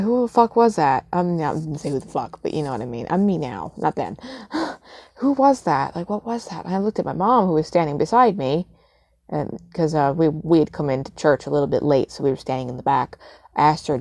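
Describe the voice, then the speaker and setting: Blunt, swearing woman vlogger, low voice. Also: a little mellow, dry recording, clean studio sound. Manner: blunt and emphatic, swears freely. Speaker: witchcraft vlogger. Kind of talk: casual spoken advice.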